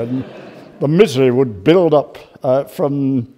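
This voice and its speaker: An older man giving a humorous lecture, hesitant with many "uh"s and dry, deadpan humour. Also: medium pitch, moderate pace, slight background noise. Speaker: guest speaker.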